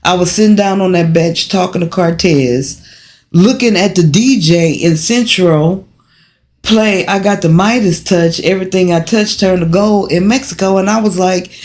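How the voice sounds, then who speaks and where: Animated American woman chatting to viewers. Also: on the low side, normal speed. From United States. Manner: animated, talks straight to viewers, rhetorical questions. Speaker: livestream host and relocation guide. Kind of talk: casual livestream chat.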